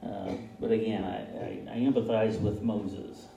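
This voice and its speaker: A man's voice: lowish voice, steady tone, a little slow, vocal fry, warm tone, a little hiss or hum. A man preaching in a folksy, conversational way, often chuckling at himself, recorded from a distance in a church hall. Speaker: pastor. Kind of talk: conversational sermon. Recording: echoey room, picked up from afar.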